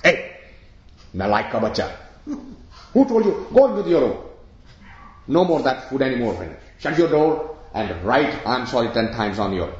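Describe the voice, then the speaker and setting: A man voicing an angry mother who scolds her child with sharp commands. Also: medium pitch, very animated, moderate pace, pauses often, natural voice. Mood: scolding. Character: scolding angry mother, middle-aged woman. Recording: echoey room, dull lo-fi sound.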